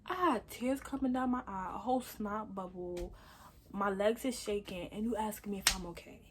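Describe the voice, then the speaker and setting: Young woman vlogging a storytime, chatty and animated, faint hum behind. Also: mid-range voice, normal speed. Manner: lively, chatty, full of fillers. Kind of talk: casual storytime.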